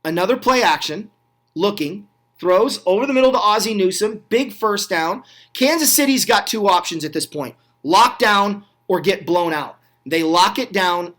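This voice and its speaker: Male host, high voice, excited and chatty play-by-play over game clips, asks the viewer questions. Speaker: host of a retro football review channel.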